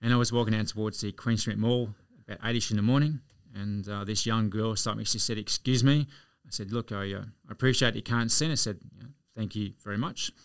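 A man's voice: fairly low pitch, steady tone, fast talker, few pauses, clean tone, dry recording. An Australian man, a podcast guest, telling anecdotes in a chatty way. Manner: chatty, anecdotal, chuckles through stories. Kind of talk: casual storytelling.

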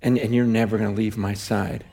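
A preacher voicing God, hushed and intimate. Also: male voice, on the low side, flat delivery, brisk, gravelly, pitched below the performer's own voice. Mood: promising. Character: God speaking tenderly, almighty yet intimate male.

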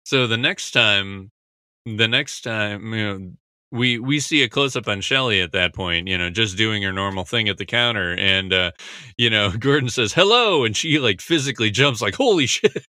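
A man hosts a podcast in a loose, rambling way, filling his pauses with "you know" and "like." His voice sits a little low but sounds very bright and sharp, with a smooth, crisp tone. It is recorded close and dry, with no room sound. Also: no echo. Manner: rambling, heavy on fillers. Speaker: podcast host. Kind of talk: casual podcast episode discussion.

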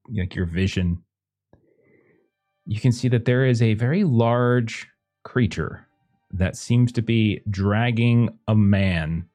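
A man's voice: on the low side, a little mellow. A man running a tabletop game as game master, narrating loosely with many fillers. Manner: hesitant, lots of kinda and uh.

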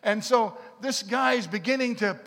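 A middle-aged man preaching a sermon and telling his own story, swinging between loud bursts and hushed asides. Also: extremely high pitch, measured pace. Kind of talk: sermon with personal testimony. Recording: echoey hall, long reverb.

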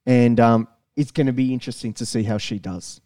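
An Australian man co-hosting a podcast, talking sport in a blunt, excitable way and swearing freely. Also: mid-range voice, brisk, no echo, studio quality, recorded from a distance. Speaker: podcast co-host. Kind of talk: casual chat.

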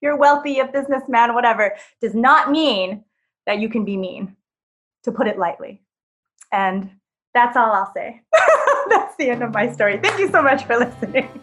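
A young woman telling a personal story on stage, animated, with many fillers, acting out quoted lines loudly. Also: on the high side, moderate pace.

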